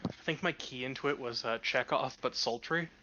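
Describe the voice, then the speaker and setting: A man's voice: mid-range voice, a little fast. A man playing an online tabletop game, laid-back and laughing, on a slightly dull microphone with faint hiss. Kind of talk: casual game chat.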